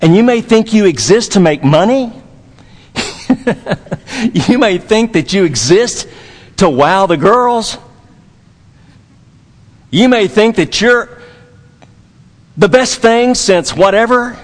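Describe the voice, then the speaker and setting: A man's voice: high voice, lively intonation, slow pace, long pauses, big-room sound. A man from Dallas, Texas, preaching a sermon as pastor, emphatic and repetitive, with folksy humor.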